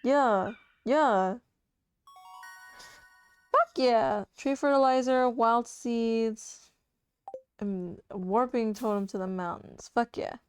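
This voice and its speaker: Over soft game music, a young female streamer gives casual gameplay commentary, talking to her chat and cursing freely. She speaks in a fairly high voice, taking it slowly with long pauses.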